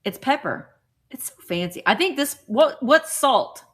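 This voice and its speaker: A middle-aged woman hosting a casual live stream, chatting with viewers and getting excited over small cute items. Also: high voice, a little slow, breathy edge. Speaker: vintage reseller hosting a livestream.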